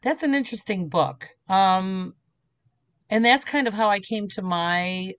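A woman's voice: medium pitch, a little slow, clean tone, no echo. A middle-aged woman, a spiritual medium, telling stories and teaching in a casual interview, acting out little voices as she goes. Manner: animated storyteller, acts out voices.

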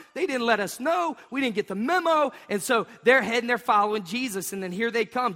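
A man, preaching a sermon in an animated storytelling way. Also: high voice, a little fast, hardly any pauses. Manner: storytelling, animated, acts out voices. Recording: long hall reverb.

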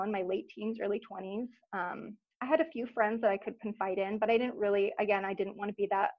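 A woman in her thirties speaks as an interview guest, recounting her own story in an earnest, reflective, soft-spoken way with frequent pauses. Her voice sits at an ordinary middle pitch. The recording sounds slightly dull and muffled. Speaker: podcast guest. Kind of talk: personal story in a casual interview.

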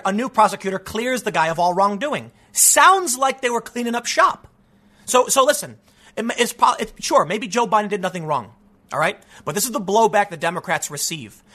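A man's voice: sits high, pushed and bright. A young man giving a heated, exasperated solo political commentary, ranting with frequent restarts.

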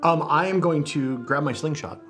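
A man's voice: on the high side, moderate pace, a bit bright, faint music behind. A man playing a tabletop game, joking and bantering playfully with the table. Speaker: player. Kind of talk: casual tabletop play.

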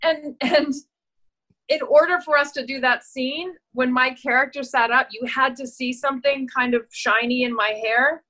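A middle-aged actress telling stories in a casual interview, animated and laughing, acting out the voices she quotes. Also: sits high, normal speed, low-quality recording. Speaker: actress and guest.

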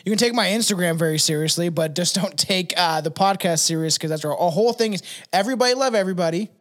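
A young man from Canada co-hosting a loose, crude podcast with a rather high voice. He rambles through stories, stumbling on "uh" and "um" and breaking into laughs. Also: quick pace. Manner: rambling, laughs often, many fillers. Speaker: podcast co-host. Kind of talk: casual crude chat.

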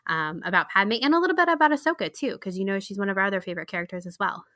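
A young woman co-hosting a podcast in casual chat, bubbly and excitable, laughing often. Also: mid-range voice, racing, no room sound, studio quality. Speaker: podcast co-host.

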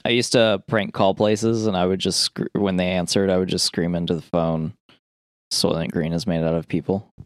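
A man's voice: low-pitched, little pitch movement, normal speed, dry recording, clean studio sound. A man co-hosting a casual movie podcast, chatty and rambling, swearing casually. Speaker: podcast co-host. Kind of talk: casual movie review chat.

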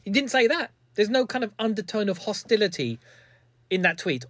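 A man's voice: high-pitched, fairly bright tone, no room sound. A man giving a sarcastic, mocking comedic commentary.

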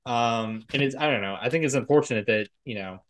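A man's voice: medium pitch, fast talker, fairly bright tone. A man co-hosting a casual podcast about film and TV, talking in a rambling way full of fillers and the occasional swear. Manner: rambling, filler-heavy, frequent "like" and "you know". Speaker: podcast co-host.

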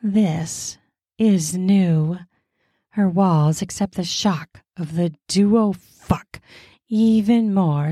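A woman reads an adult story aloud in an unhurried, intimate way, lingering on each phrase. Her voice sits at an ordinary middle pitch and is recorded close and dry, with no room sound around it. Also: dark tone, dry recording. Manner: slow, intimate reading. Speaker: narrator. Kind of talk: scripted erotic story narration.

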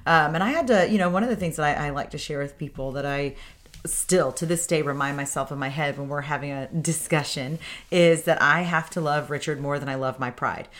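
A woman with a low, slightly bright voice talks fairly quickly as she co-hosts a podcast with her husband. It's casual chat, and she speaks candidly and laughs easily.

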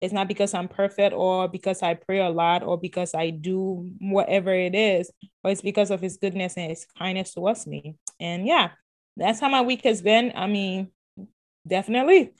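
A woman's voice: medium pitch, normal speed. A woman hosting a casual podcast, upbeat and chatty, repeating words and talking straight to her listeners. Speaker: podcast host.

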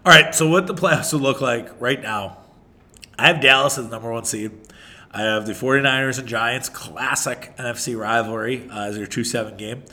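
Bright-voiced man ranting about football. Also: mid-range voice, normal speed. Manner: rambling, opinionated, frequent restarts and swearing. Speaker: sports podcast host. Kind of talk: casual solo sports talk.

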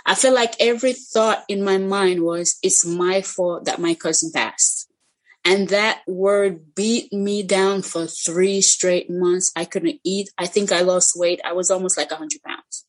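A middle-aged woman speaks as a guest, telling an emotional personal story of faith at a medium pitch. She is earnest and heartfelt, and often breaks off and restarts her sentences. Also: fairly even intonation, a little slow, few pauses, rough recording.

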